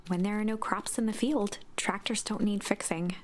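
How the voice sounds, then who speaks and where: A woman narrating a story game in a calm, dry storybook tone. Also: medium pitch, normal speed, slight background noise.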